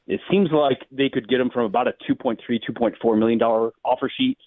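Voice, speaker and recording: A man's voice: medium pitch, quick pace, dry recording. A man on a tinny, phone-like line, talking over sports analysis in a middle register. He hedges and muses as he works through his points, and the sound is dry and close. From St. Louis. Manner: musing, hedging analysis. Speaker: sports radio host. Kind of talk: sports talk radio commentary.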